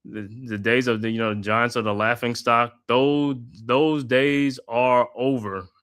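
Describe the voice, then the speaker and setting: A man doing an impression of a famous actor, delivering the lines in an emphatic, drawn-out way. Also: medium pitch, fairly even intonation, fairly bright tone, clear, resonant tone, no room sound, clean studio sound, lightly acted.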